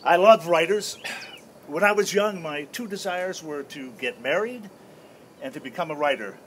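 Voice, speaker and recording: A wistful old uncle, a retired official who rambles and mocks himself, as a man acts him on an open-air stage. His voice sits high and swings widely in pitch. A faint outdoor hush lies behind him. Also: lively intonation, normal speed, a little hiss or hum. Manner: rambling, hesitant, nostalgic. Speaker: stage actor. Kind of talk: outdoor stage play performance.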